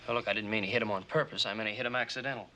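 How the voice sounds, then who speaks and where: An actor playing a brash, argumentative young ranch son in a 1960s television western. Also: male voice, lowish voice, steady tone, very fast, sharp tone, slight background noise. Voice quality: challenging, argumentative.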